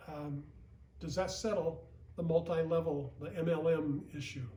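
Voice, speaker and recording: A man's voice: on the high side, mellow, slight background noise. A man, a regional vice president, giving a recorded sales training talk in a plain, repetitive way that often checks in with "okay?". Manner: plain-spoken, repeats points, often asks "okay?". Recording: echoey room, mic at a distance.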